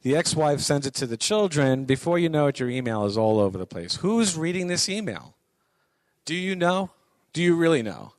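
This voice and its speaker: A man's voice: on the high side, very animated, normal speed, dry recording. A middle-aged man giving a conversational lecture to college students, repeating his points for emphasis. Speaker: guest speaker on business writing.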